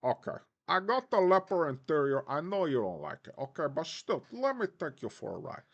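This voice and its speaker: A man's voice: a little high, very animated, fairly quick, creaky, dull audio, heavily acted. A man doing an impression of a swaggering Cuban movie gangster, with a put-on mock Cuban accent and a brash, self-mocking manner.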